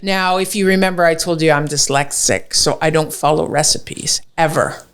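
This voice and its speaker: Woman chef spinning a lively tale. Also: sits low, normal speed. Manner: swears freely, acts out quoted dialogue. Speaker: chef, podcast guest. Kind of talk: animated storytelling in casual chat.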